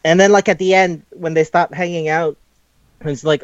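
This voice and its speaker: A fairly high-voiced man talks through a cartoon plot in casual chat, swearing freely and acting out bits of dialogue. His voice sits a touch high. The recording is dry and a little dull. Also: normal speed, smooth, no room sound. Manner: profane, animated retelling with quoted voices. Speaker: podcast co-host. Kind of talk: casual chat recapping an anime.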